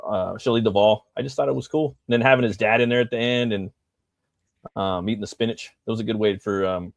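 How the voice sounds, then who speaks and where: A man's voice: on the low side, quick pace, creaky, no echo. A man who is a guest comic artist, chatting in a laid-back way with many "you know" fillers. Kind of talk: casual chat.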